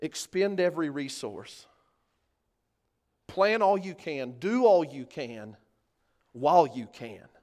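A man with a high, light voice delivers a sermon, reading scripture and explaining it in an earnest, emphatic way. He raises his force on the key points of his message. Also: expressive, slow pace, long pauses, darkish tone. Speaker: preacher.

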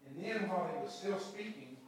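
A man's voice: sits high, animated, brisk. A man preaching a sermon in a folksy storytelling way, acting out the dialogue of the people in his story. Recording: echoey room from far off with noise.

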